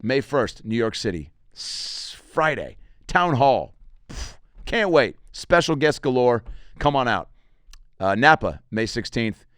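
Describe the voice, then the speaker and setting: A man's voice: mid-range voice, sing-song, a little slow, fairly bright tone, clean tone, dry recording, clean studio sound. A man, a comedian and podcast host, talking in a rambling, crude, joking way while plugging his shows. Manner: rambling and crude, with self-promotion and jokey asides. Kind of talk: casual podcast monologue.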